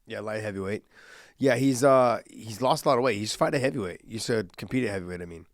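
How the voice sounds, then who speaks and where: A man's voice: fairly low pitch, fast, no echo, clean studio sound. A man co-hosting a podcast in casual chat, rambling and hesitant with many fillers. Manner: rambling, hesitant, lots of ums and likes. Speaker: podcast co-host.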